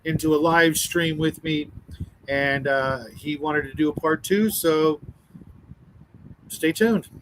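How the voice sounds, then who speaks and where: A man's voice: on the high side, slow pace, pauses often, fairly bright tone, a little hiss or hum, rough recording. A man in a casual live-stream chat, plugging his upcoming videos with many hesitant fillers. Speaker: streamer promoting his channel.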